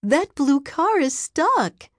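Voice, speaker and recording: A kindly grown woman schoolteacher from a children's storybook, as a woman narrator puts her on. She explains things in a calm, matter-of-fact way, with a fairly high voice that still moves up and down. The sound is dry and close. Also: takes it slowly, no echo, exaggerated voice. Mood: explaining.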